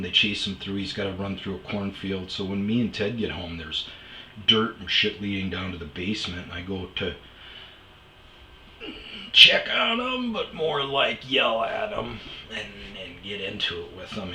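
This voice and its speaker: A man's voice: deep voice, bright, forceful tone, reverberant, slight background noise, low-quality recording. A man casually telling rambling, profane stories as a podcast host, full of fillers and asides. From Omaha area. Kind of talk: casual storytelling monologue.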